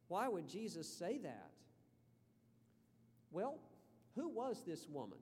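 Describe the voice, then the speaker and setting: A male pastor, preaching a measured sermon and reading scripture. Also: a little high, mellow. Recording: reverberant hall.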